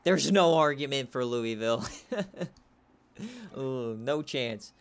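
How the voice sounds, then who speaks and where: A young man giving play-by-play commentary on a video game football stream, excitable and shouting on big plays. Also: medium pitch, takes it slowly, clean tone. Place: home setup, streaming.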